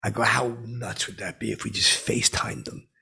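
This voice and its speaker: A clueless, self-important braggart, as a man puts him on for a comedic monologue, his voice gravelly and rough with a husky, raspy edge. He rambles through his boasts, looping back on himself again and again. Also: fairly low pitch, steady tone, moderate pace, pushed and bright, exaggerated voice. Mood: rambling boastful. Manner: rambling, self-aggrandizing, repeats "I go". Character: boastful, clueless middle-aged man telling tall tales.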